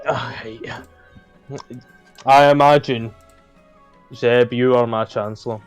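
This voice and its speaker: A man streaming a game with friends, talking slowly with lots of swearing and laughter. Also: medium pitch, fairly even intonation, clear, resonant tone, faint music behind. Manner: slow, profane, laughing. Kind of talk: casual gaming stream chat.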